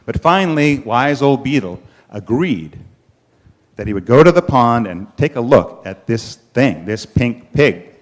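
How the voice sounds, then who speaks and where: Man, church storyteller, lively up-and-down delivery, dramatic pauses. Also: medium pitch. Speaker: storyteller at a congregation service. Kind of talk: children's story told at a worship service.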